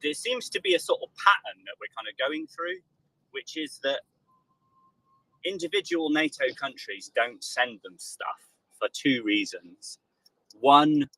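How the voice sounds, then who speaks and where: British man, husky and animated, sarcastic banter, dry sound. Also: fairly low pitch, no echo, low-quality recording. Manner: sarcastic, acts out voices of nations. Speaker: panelist. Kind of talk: animated casual chat.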